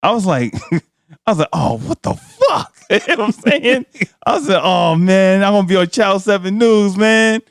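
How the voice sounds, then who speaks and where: A man's voice: high voice, normal speed, clear, resonant tone, dry recording, studio quality. Laughing New man telling stories. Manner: animated, laughing, slangy. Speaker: podcast co-host. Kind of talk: casual comedic storytelling.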